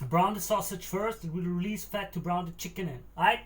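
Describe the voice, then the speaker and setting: High voiced guy, cooking and rambling on a live stream in his kitchen. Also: a little fast, few pauses, fairly bright tone. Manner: chatty, thinking aloud while cooking, moving around the kitchen. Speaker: stream host cooking a stew. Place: home kitchen.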